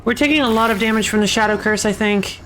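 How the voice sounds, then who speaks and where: A woman's voice: fairly high pitch, fast talker, fairly bright tone, soft background music. A woman streaming a video game, chatting casually and muttering annoyed asides to herself. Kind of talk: casual gameplay commentary.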